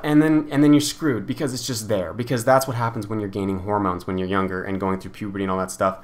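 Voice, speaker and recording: A man's voice: mid-range voice, fast talker, few pauses. A young man casually answering viewer questions in a frank, rambling way, with lots of filler words. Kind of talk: casual Q&A vlog chat.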